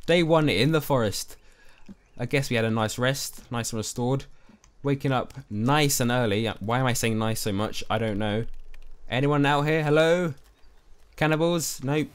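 A young man narrates his game in a jumpy, excitable way. He is easily spooked and keeps turning to chat with his viewers. His voice sits at an ordinary middle pitch for a man. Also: normal speed. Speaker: gaming YouTuber. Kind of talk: let's play commentary.

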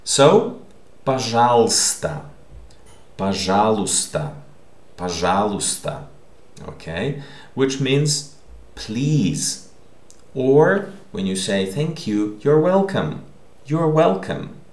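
A man teaching a language lesson, repeating words slowly and checking in with the listener. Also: mid-range voice, sing-song, a little mellow. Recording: echoey room.

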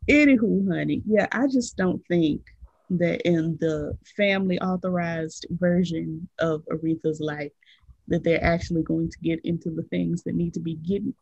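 A woman's voice: fairly low pitch, creaky, a little mellow, husky, no room sound, muffled recording. A young adult woman co-hosting a casual podcast, reading celebrity headlines with sassy, drawling remarks. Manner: sassy, drawling, quick to laugh. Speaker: podcast co-host.

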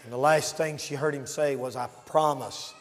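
A man preaching a revival sermon, swinging between shouted warnings and hushed storytelling. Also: fairly high pitch, steady tone, a little fast, big-room sound, faint music behind.

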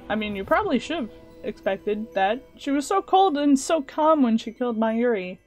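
A woman reading a visual novel aloud, narrating and reacting with animated asides. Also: high-pitched, moderate pace, few pauses, faint music behind. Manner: animated reactions and filler sounds. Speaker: let's play host.

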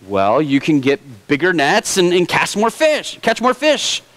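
A man playing a loud, high-pitched, pushy businessman. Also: huge pitch swings, measured pace, full character voice, rough recording. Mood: lecturing. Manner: insistent, rising to shouting. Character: pushy irritated businessman, adult man, growing angry.

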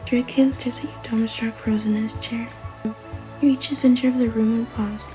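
A woman narrates a second-person adventure in a whispered role-play, her voice soft, mellow and slightly high. Faint music plays underneath throughout. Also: fairly even intonation, moderate pace, poor audio. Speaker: storyteller.

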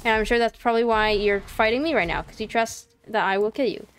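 A woman's voice: on the high side, quick pace, a little hiss or hum. A woman commentating her own gameplay in a casual, playful way, chatting to the game's creatures and apologizing to them. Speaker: gaming channel host.

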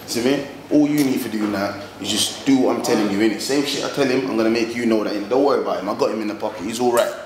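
A man playing a commanding gang leader, brisk and even in mid pitch. His steady orders echo around a reverberant room. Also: a crowd in the background, close to an everyday voice. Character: calm, controlling young gang boss. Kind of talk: indie street film acting.

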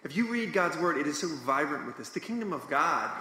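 Bright, earnest man in an echoey hall. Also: on the high side, very animated, fairly quick. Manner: earnest, enthusiastic, emphatic. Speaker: panelist, musician. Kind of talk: casual panel discussion. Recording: echoey live hall with faint noise.

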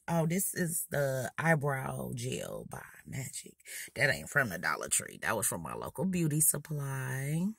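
A young woman beauty vlogger telling a story while doing her makeup, animated and loud, acting out what people said. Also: low-pitched, no room sound, studio quality. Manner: animated, loud, acting out quotes in Southern US slang.

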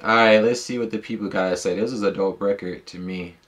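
A man with a low, deep voice talks through a song in casual reaction commentary. He is laid-back and slangy and thinks aloud with easy fillers. He speaks into a dedicated microphone. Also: fairly even intonation, a little fast, fairly bright tone. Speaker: music reaction YouTuber.

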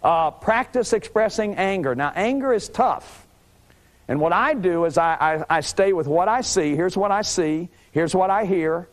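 A man in his fifties giving a lively lecture, acting out little scenes and restarting sentences with repeated words. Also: high-pitched, normal speed. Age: 50s. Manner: animated, acts out little scenes with sudden shouts and growls. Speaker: lecturer on family therapy.

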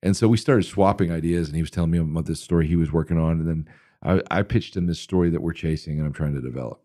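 A middle-aged man hosting a podcast, telling stories in a rambling, animated way with many fillers. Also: rumbling low, quick pace, dry recording, studio quality. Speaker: podcast host answering listener questions. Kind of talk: casual interview talk.

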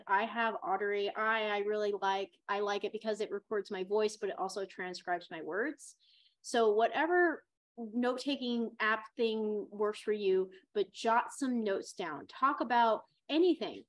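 Chatty woman acting coach, fairly high voice. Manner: chatty, encouraging, expressive. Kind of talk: workshop talk on auditions.

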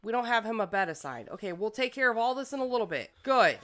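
Excitable high-voiced woman gaming host. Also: fast. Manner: excitable, exclamatory, bossing her game characters around. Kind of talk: casual let's-play commentary.

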